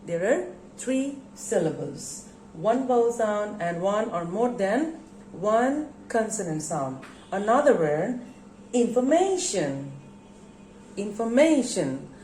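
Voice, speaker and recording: A woman's voice: medium pitch, sing-song, warm tone. A woman teaching a lesson, stretching out words and repeating them for her students. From Bangladesh. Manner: slow, drawn-out word emphasis, repeats words for students. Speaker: English teacher. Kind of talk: recorded classroom lesson. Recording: echoey room, faint background noise.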